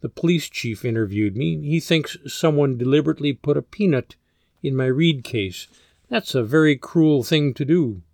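Casting: man putting on a coquettish middle-aged woman in a storybook, pitched up a little, coy, dry close sound. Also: expressive, normal speed, vocal fry, a little mellow, dry recording.

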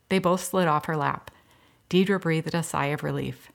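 A woman reads an audiobook story in a low, gravelly voice. Her storytelling is steady and even, moving through the scenes without rush. A slight fry sits under her words. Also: moderate pace. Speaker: narrator. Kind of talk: audiobook narration.

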